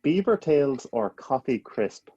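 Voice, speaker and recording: A man hosting a podcast, firing off quick playful questions and laughing easily. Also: medium pitch, big pitch swings, warm tone, lo-fi sound, a little hiss or hum. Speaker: podcast host. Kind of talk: rapid-fire interview questions.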